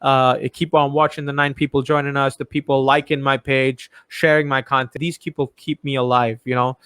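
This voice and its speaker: A man with an Indian accent hosting a casual live-stream interview, cursing freely and talking with animated emphasis. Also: normal speed, clear, resonant tone, dry recording. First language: Bengali. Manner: heavy swearing, animated, mimics others in high voices. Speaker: host.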